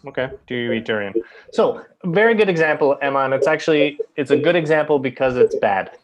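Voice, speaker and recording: A man's voice: mid-range voice, animated, fairly quick. Patient male English teacher. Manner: keeps checking with "right?"; patient, explains by repeating. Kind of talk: classroom grammar lesson.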